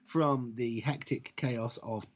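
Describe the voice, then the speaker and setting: Husky man, rambling podcast co-host. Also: mid-range voice, steady tone, slow pace. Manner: rambling, jokey, self-correcting. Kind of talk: casual chat. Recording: dull lo-fi audio.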